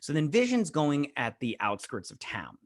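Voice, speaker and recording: A man's voice: on the high side, huge pitch swings, moderate pace, no echo, clean studio sound. Rambling man recapping a show. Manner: rambling, retells scenes with "I was like". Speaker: show reviewer. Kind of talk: casual episode recap.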